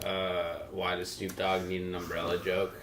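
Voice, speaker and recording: Chill podcast host guy, lowish voice, mostly just going yeah right. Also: completely flat delivery, moderate pace, fairly bright tone, roomy sound. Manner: laid-back, brief agreeing replies. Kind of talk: casual podcast chat.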